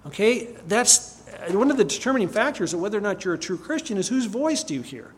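High-voiced man preaching a sermon. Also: expressive, fairly quick, slightly rough. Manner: reads scripture aloud, asks the listeners questions, often stops to correct himself.

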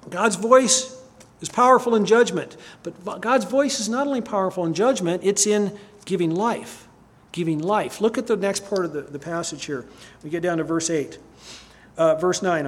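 A man's voice: high voice, expressive, moderate pace, husky. A man preaching a sermon who reads scripture aloud, asks his listeners questions and often stops to correct himself.

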